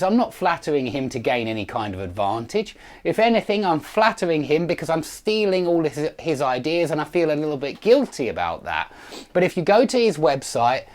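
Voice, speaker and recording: A middle-aged man teaching an online grammar lesson, chatty and digressive, with self-deprecating asides. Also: on the high side. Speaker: English teacher.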